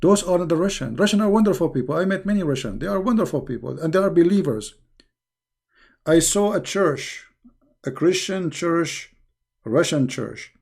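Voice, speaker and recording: A man's voice: on the high side, expressive, moderate pace, vocal fry, a little mellow, slightly rough. A man hosting a live question-and-answer stream, speaking emphatically and scolding, often repeating words as he restarts. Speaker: online show host answering viewer questions.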